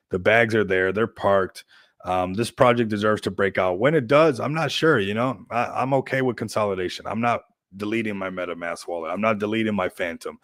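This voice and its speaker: A man's voice: fairly low pitch, a bit bright, no echo, studio quality. A man hosting a crypto livestream, chatting casually in a rambling, upbeat hype style and laughing often.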